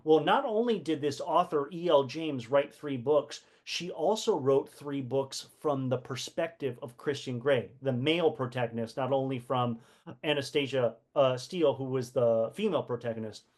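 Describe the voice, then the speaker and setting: A man's voice: mid-range voice, normal speed, darkish tone. A man hosting a casual live-stream book talk, full of rhetorical questions, fillers and restarts. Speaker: host of a community book session.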